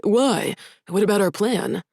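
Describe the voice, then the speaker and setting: A woman voicing a panicked, furious male lord in a storybook reading, speaking in loud agitated outbursts. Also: mid-range voice, animated, measured pace, creaky, no echo, clean studio sound, voice pushed up. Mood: confused.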